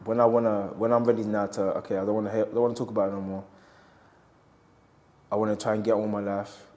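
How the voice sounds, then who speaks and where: A man's voice: on the low side, flat delivery, fast talker, a little mellow. Reflective man opening up. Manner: open, reflective storytelling with quoted asides. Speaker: interview guest, boxer. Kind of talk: candid conversational interview.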